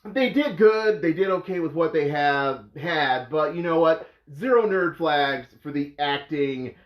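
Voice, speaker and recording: High-voiced man ranting in an echoey room. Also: measured pace. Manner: animated and exasperated, with emphatic incredulous outbursts. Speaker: host of a movie review show. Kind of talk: casual spoken movie review. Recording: echoey room, dull lo-fi sound.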